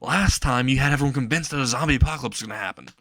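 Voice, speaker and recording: A man's voice: medium pitch, racing, fairly bright tone, no room sound. A man voicing a snarky teenage boy with a hidden monster nature, talking casually and throwing crude insults in an everyday voice. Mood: pleading.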